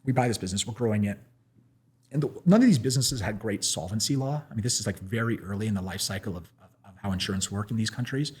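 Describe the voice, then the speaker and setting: An American man telling stories in a casual, animated way, full of fillers and restarts, and laughing often. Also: lowish voice, fast, slightly rough. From United States. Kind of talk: casual anecdotal storytelling.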